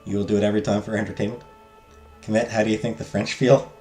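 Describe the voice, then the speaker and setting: A man's voice: fairly low pitch, little pitch movement, quick pace, a little mellow. A man streaming a text game, reading its narration aloud and cracking jokes with his chat. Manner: jokey, self-deprecating asides between narration. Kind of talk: let's play, reading game text and chatting with viewers. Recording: roomy echo, faint game music.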